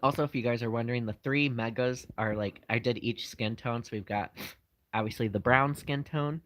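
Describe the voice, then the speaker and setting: A man's voice: mid-range voice, brisk, a bit bright, poor audio. A man hosting his channel, casually answering live chat questions in a rambling way with lots of fillers.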